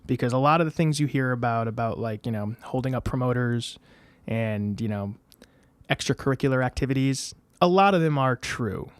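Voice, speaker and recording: An American man in a casual podcast interview, spinning anecdotes with bursts of energy and quick shifts in his voice when he quotes others. His voice sits at a middling pitch and sounds dry and close, with no room echo. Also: smooth. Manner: animated, acts out quoted voices. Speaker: podcast guest.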